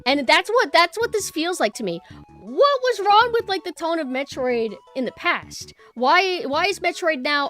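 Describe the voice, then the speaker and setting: A woman's voice: very high voice, very animated, normal speed, fairly bright tone, soft background music. A young woman streamer chatting casually with her viewers and ranting bluntly, swearing freely.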